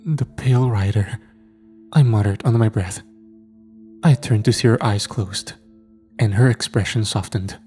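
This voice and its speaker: A man calmly narrating a horror story in a measured, scripted way. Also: fairly low pitch, soft background music.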